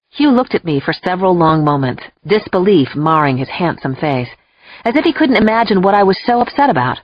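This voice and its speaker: A woman narrating an audiobook in an expressive, emotional first-person storytelling voice. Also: lowish voice, fairly quick, no echo. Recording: dull lo-fi dry recording.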